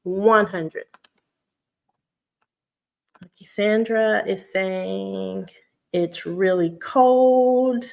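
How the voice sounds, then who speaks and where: A woman's voice: mid-range voice, fairly even intonation, drawn-out words, vocal fry, long pauses. A woman with a Southern US accent, chatting casually on a livestream. She is a teacher, reads viewer comments aloud and laughs often. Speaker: vlogger on a weight-loss journey.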